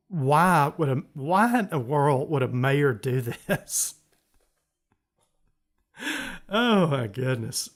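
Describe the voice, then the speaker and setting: A man's voice: on the high side, gravelly. A man co-hosting a podcast, chatting casually about the news, rambling and chuckling. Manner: rambling, self-interrupting, chuckles often. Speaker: podcast co-host.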